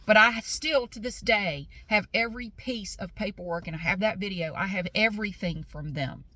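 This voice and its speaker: A woman's voice: mid-range voice, moderate pace, pushed and bright, dry recording. A woman telling a personal story on her vlog, blunt and indignant, repeating herself for emphasis. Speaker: vlogger.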